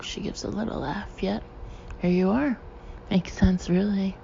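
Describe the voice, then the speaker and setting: Woman, first-person audiobook narration, expressive with breathy asides, mellow tone, dull lo-fi sound. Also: medium pitch, moderate pace, slight background noise.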